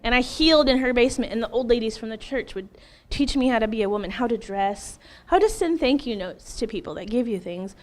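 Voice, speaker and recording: This interview guest, a woman in her thirties, delivers a lively, earnest testimony about her life at a fairly quick clip. Her voice runs on the high side, and she laughs now and then between lines.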